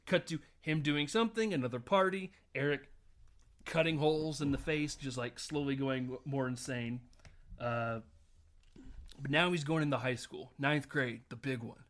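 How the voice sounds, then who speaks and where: A man's voice: medium pitch, normal speed, fairly bright tone. Male podcast host, casual recap, laughs a lot, acts out the lines. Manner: retells scenes while acting out the lines, laughing often.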